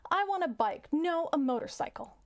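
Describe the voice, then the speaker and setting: A woman doing a squeaky cheeky rabbit. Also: expressive, normal speed. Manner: squeaky, sly. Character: small clever male rabbit, cheeky.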